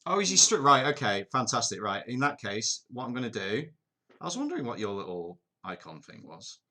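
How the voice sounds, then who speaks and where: A man's voice: medium pitch, huge pitch swings, a little fast, bright, forceful tone. An English man casually streaming a football management game, chatting with his viewers and poking fun at himself. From England. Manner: chatty, self-deprecating, talks to chat. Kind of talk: casual live-stream chat.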